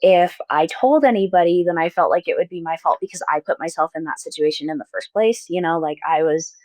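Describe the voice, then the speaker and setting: A young adult woman on close mic, telling a personal story as an interview guest in a soft, hesitant way, with many likes and restarts. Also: sits low, fairly quick, no echo. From Mormon-majority town in the US.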